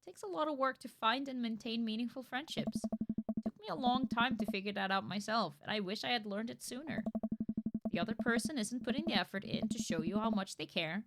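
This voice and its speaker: A woman voicing a kind single father in a dating game, speaking lower, calm and earnest. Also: a little fast, over loud music, lightly acted. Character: kind, warm-hearted single dad giving advice.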